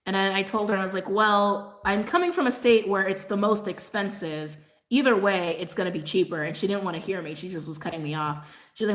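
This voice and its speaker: A woman's voice: mid-range voice, quick pace. Rambling, ranting woman host. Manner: rambling, ranting, heavy use of "like", laughs often; apologetic asides. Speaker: tarot channel host. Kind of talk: casual livestream chat.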